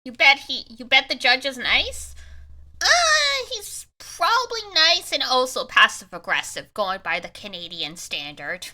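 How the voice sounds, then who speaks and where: Give me a joking young woman streaming a game, with a lively, sing-song voice that is very bright. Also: fairly high pitch, normal speed, hardly any pauses. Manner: chatty, joking, laughs often. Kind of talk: let's-play commentary.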